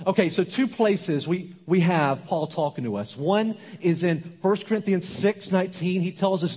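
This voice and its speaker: A man preaching a sermon with an emphatic, repetitive rhythm that drops to a hush at times. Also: sits high, normal speed, hardly any pauses, breathy edge. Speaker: pastor. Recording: long reverb of a large hall.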